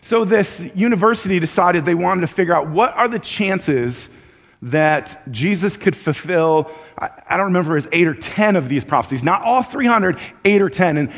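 Thinking aloud and repeating words, a male pastor with a high, slightly rough voice delivers a loose, conversational sermon, lifting his voice to act out urgent appeals. The recording is muffled and dull, with long reverb from a large church hall.

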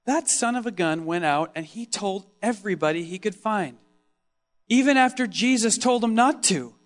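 Delivered in a high-pitched male voice with lively intonation at normal speed, this first-person dramatic sermon monologue comes from a preacher who tells the story with strong emotion, shifting between loud exclamations and hushed tones.

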